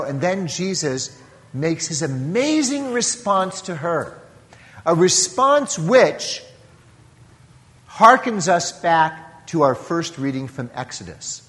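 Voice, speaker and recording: A male priest gives an earnest sermon in a church, acting out scripture dialogue as he teaches. He speaks slowly, and his pitch rises and falls a great deal. The voice echoes with a long reverb. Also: fairly bright tone.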